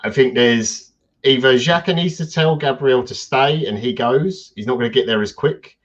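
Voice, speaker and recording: A man's voice: mid-range voice, normal speed, muffled recording. A man, co-hosting a casual football podcast in a blunt, chatty way. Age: 30s. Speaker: podcast co-host.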